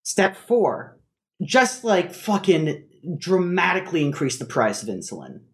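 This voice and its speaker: A man chatting loosely on a video call, with a slightly raised pitch. He rambles and breaks off to laugh often. His speech is loose and profane. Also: huge pitch swings, measured pace. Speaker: podcast co-host. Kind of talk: casual chat.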